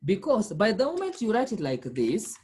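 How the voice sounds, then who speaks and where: Husky woman tutoring with lively pitch. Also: moderate pace. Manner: patient, repeats questions to the learner. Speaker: language tutor. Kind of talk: one-on-one lesson.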